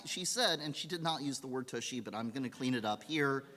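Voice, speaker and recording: A man giving a holiday sermon as rabbi, telling a story and acting out the quotes in a lively way. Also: a little high, normal speed, hardly any pauses. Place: synagogue sanctuary. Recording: long hall reverb.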